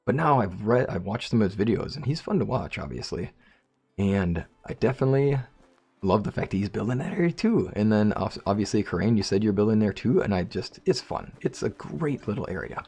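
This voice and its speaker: Gravelly low-voiced man rambling over gameplay. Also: lively intonation, brisk, a little mellow. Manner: rambling, jokey, talks to viewers. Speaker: let's play host. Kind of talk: casual gameplay commentary.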